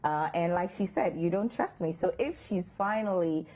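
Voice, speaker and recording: Ghanaian woman on a tv advice show, lowish mellow voice, playful and animated. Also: moderate pace. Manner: animated, playful, acts out quoted lines. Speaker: co-host of a relationship advice show. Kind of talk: lively studio chat giving advice. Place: TV studio.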